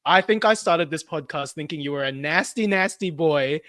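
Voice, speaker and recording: An Australian man in his thirties co-hosting a podcast, enthusiastic and quick to laugh. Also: fairly high pitch, lively intonation, a bit bright, dry recording. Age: 30s. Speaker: podcast co-host. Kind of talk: casual chat.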